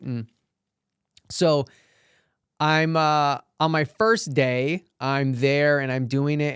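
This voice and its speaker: A man hosting a solo podcast for actors, telling his own on-set stories in a lively, animated way with many fillers and restarts. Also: medium pitch, smooth, no room sound, clean studio sound. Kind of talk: motivational solo podcast talk.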